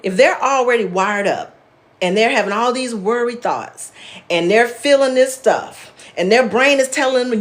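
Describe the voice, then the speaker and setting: A woman therapist with a fairly high, expressive voice hosts a live wellness class at a moderate pace. Her style is conversational and down-to-earth, and she addresses viewers by name when responding to their comments.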